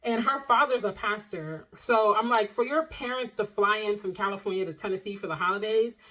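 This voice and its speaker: A young adult woman telling a personal story to her viewers in a casual vlog, animated and expressive, full of slang and asides to the audience. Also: mid-range voice, brisk, rough recording.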